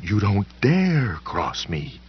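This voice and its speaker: A man reading an audiobook does a raging, half-changed woman who hisses her threats in breathy whispers and then leaps up into shrill, falsely sweet tones. The voice climbs well above his own deep register. The recording sounds dull and lo-fi. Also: wildly swooping pitch, unhurried, full character voice. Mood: hissing rage. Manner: snarling, hissing half-whispers and sudden sweet shrieks. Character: furious woman turning into a creature, snarling and menacing.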